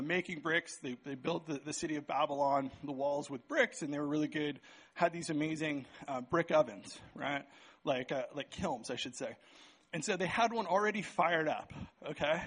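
A bright-sounding man with a fairly high voice is preaching in a church sanctuary where a band is present. Keeping things chatty and relaxed, the pastor leads a live object lesson, frequently tossing in "right?"

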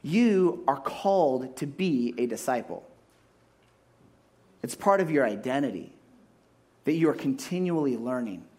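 A man preaching a sermon as a pastor, animated and acting out voices as he makes his points. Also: medium pitch, measured pace, pauses often.

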